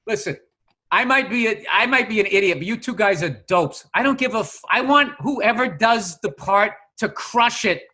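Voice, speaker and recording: A man with a very high, bright voice rants at his co-hosts, swearing freely and picking fights for laughs. He talks in loose, casual podcast banter. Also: animated, normal speed. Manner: profane, combative ranting. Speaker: podcast co-host.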